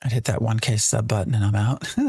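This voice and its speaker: Gravelly-voiced male game streamer. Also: fairly low pitch, very animated, normal speed, darkish tone, no echo, studio quality. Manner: chatty, thinks aloud, reacts to chat. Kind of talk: live gameplay commentary.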